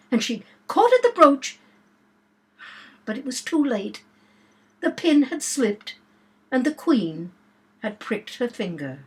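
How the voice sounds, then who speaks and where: A woman reads a storybook aloud with unhurried, expressive narration. Her voice is high and a little breathy. She moves through the lines slowly. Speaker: reader.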